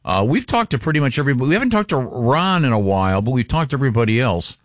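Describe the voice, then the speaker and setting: A man's voice: medium pitch, very animated, rapid-fire, no room sound, studio quality. A man hosting a casual radio interview, easygoing and chatty. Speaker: radio host.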